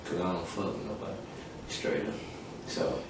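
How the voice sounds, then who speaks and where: Low and gravelly, with a moderate pace and little pitch movement, the voice belongs to a young man hosting a podcast. Swearing freely and speaking with emphasis, he narrates something that happened to him and performs the quoted lines. It was recorded at a distance in a very reverberant room with slight background noise.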